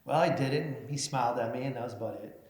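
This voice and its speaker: A man's voice: mid-range voice, fast, darkish tone. Man telling funny stories in a roomy hall. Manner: self-deprecating, acts out voices in his anecdotes, many fillers. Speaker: mayor giving an award speech. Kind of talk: humorous storytelling speech. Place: banquet hall at a chamber of commerce meeting. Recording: roomy hall with faint noise.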